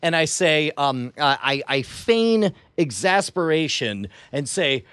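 A man plays a comedic tabletop game, rambling and hesitant between playful in-character bits. His voice is high and swoops lively up and down. The sound is dry and close. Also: slow pace, hardly any pauses, smooth, no echo. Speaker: player. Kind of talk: comedic tabletop role-play.

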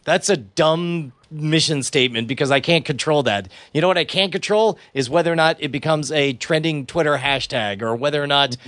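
A man co-hosting a podcast, thinking aloud in casual chat with halting restarts. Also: a little high, a bit bright, no room sound. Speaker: podcast co-host.

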